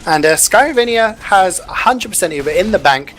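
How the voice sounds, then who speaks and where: A male esports caster giving relaxed, analytical color commentary with casual asides and jokes. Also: high voice, brisk, slight background noise. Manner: chatty, jokey, lots of "you know".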